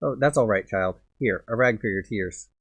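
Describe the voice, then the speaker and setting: A man voicing a kindly woman who leads a group of travelers in a video game and speaks in a gentle, soothing way. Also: fairly low pitch, moderate pace, slightly rough.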